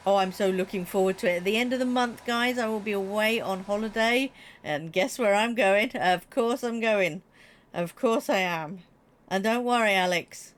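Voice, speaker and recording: A chatty woman streams live and chats casually with her viewers. She talks in an animated way, laughs easily and addresses people in chat directly, at a pitch typical for a woman. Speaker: Twitch streamer.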